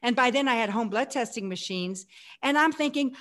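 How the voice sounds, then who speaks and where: Speaking at a moderate pace in a fairly high voice, this sixty-something woman recounts her life as an interview guest, lively and playing out the person she used to be.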